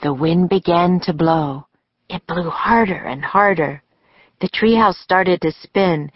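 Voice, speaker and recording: Brief: woman narrator for a kids' audiobook, low and slow, dry slightly dull studio recording. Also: creaky, slightly rough, no echo. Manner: slow, deliberate storytelling. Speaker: author and narrator.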